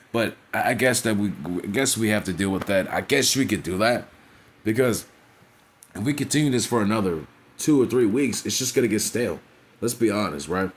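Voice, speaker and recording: Man, lower register, casual ranting reviewer, blunt and foul-mouthed, heavy slang. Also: slightly rough. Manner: blunt, profane, slangy, with frequent "you feel me" asides. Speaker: wrestling reviewer.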